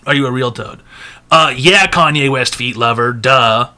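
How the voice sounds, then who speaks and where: A man with a very bright, forceful voice hosts a casual online advice stream. His pitch sits in a middling range, and he talks bluntly with crude jokes. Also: normal speed. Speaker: advice show host. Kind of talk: casual livestream chat.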